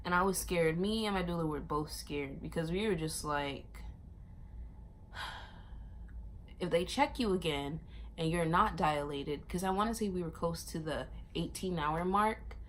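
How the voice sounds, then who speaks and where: Young woman, low-pitched voice, casual storytelling, animated, quotes people in a higher voice. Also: measured pace, a little hiss or hum. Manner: animated, acts out the nurses' and her own lines in raised voices, laughs often. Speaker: vlogger telling her birth story.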